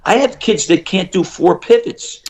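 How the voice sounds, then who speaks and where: A middle-aged man, a shooting coach, telling stories in an animated interview and acting out the people he quotes. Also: sits high, vocal fry. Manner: acts out quoted voices, fast bursts and emphatic repeats.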